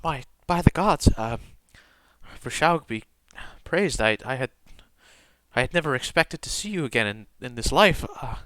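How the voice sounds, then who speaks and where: A man's voice: mid-range voice, lively intonation, no echo, lightly acted. A man voicing a tearful, stammering priestess. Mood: tearful, halting. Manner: halting, stammering, soft-spoken. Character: grieving woman priestess, tearful and shaken.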